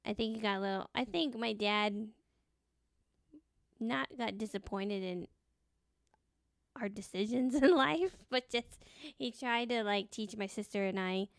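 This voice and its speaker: A woman's voice: medium pitch, a little slow, creaky, pauses often, no echo, clean studio sound. A woman co-hosting a casual podcast chat, giggly and loose, swearing freely. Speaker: podcast co-host.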